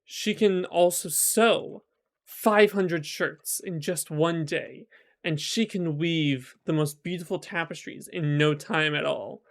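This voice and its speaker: A man's voice: fairly high pitch, takes it slowly. Give me a man playing a sly, bragging seamstress mother from a storybook tale. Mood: scheming. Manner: sly, boastful. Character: scheming, clever seamstress mother.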